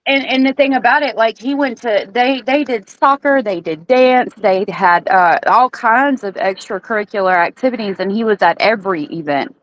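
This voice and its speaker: A woman's voice: fairly high pitch, normal speed, hardly any pauses, rough recording. A woman guest on a true crime chat, talking casually and hesitantly with many fillers, in a sympathetic tone.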